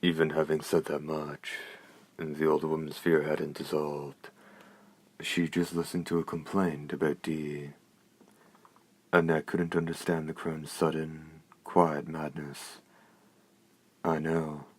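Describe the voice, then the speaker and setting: A man reading a novel aloud as narrator in a measured, steady way. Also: rumbling low. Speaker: audiobook narrator.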